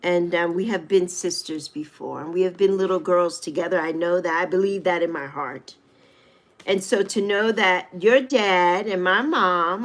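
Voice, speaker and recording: A woman's voice: mid-range voice, bright, forceful tone. A middle-aged woman hosting a live chat with viewers, emotional and affirming as she talks about spiritual connection. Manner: emotional, slow and heartfelt, reads viewers' names. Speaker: livestream host.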